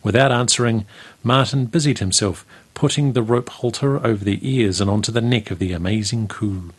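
Husky low-voiced male storyteller. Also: moderate pace. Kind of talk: storybook reading.

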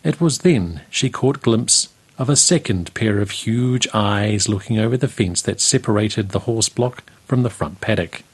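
A man reading a country story aloud in a steady, unhurried way. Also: on the low side, husky.

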